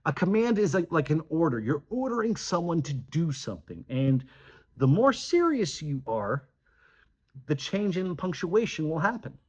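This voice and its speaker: Animated, husky-voiced male teacher. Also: fairly high pitch, normal speed. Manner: animated, acting out example sentences. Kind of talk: classroom grammar lesson.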